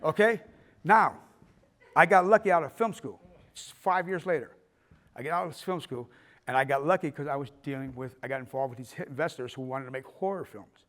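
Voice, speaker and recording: An older man, a filmmaker, giving a casual storytelling talk, animated and profane, acting out the people in his stories. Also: medium pitch, a little fast. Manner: animated, profane, acts out scenes in voices.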